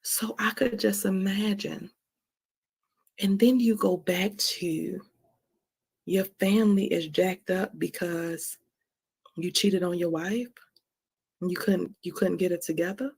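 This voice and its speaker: A woman's voice: lowish voice, fairly even intonation, unhurried, vocal fry, darkish tone, husky. A woman hosting her own stream, talking candidly and emotionally about forgiveness, with a frank, confessional way of speaking that repeats phrases and often asks "right?". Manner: frank, emotional, confessional, swears now and then. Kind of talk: candid personal talk on forgiveness.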